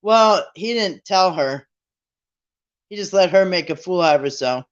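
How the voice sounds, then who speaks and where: A live streamer talks casually to viewers, meandering through a story and slipping into voices for the quotes. The pitch sits in the middle range. The stream audio is dull and lo-fi. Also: animated, a little slow. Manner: rambling storyteller who acts out quotes.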